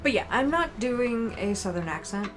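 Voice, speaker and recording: A woman's voice: on the high side, lively intonation, music in the background. A woman from the American Midwest with a Midwestern accent, streaming as she reads a dating game aloud, laughing often and joking between lines. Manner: playful, laughs often, reads in a slow storytelling way. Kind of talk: reading a dating game aloud with playful commentary.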